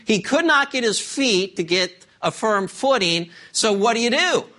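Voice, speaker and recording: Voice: medium pitch, expressive, unhurried, sharp tone. A preacher delivering a sermon with emphatic delivery and frequent rhetorical questions to the congregation.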